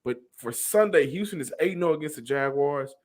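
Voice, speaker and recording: Male co-host, slightly high voice, hesitant and stammering. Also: lively intonation, brisk, a little mellow. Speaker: podcast co-host. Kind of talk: casual sports chat.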